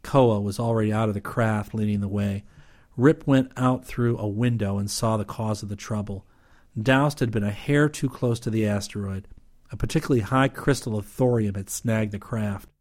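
A man reading an adventure novel aloud in steady, even audiobook narration. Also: fairly low pitch.

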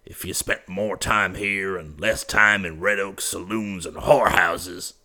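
A man's voice: sits low, fairly even intonation, unhurried, sharp tone, full character voice. A man doing a snarling old rancher. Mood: surly. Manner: snarling, barking. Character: gruff, wounded old rancher, bitter and stubborn. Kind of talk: audiobook character voice.

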